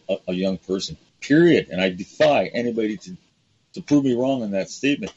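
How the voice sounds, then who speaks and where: A man's voice: fairly low pitch, darkish tone, breathy edge. A man hosting a talk show, indignant, addressing his guest by name. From Canada. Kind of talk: opinionated talk show chat. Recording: dull lo-fi sound.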